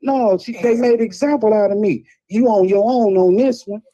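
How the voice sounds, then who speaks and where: A man's voice: sits high, moderate pace, dark tone, low-quality recording. A middle-aged man, talking casually on a talk show, telling blunt, preachy stories about tough parenting. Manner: streetwise storytelling, blunt and preachy.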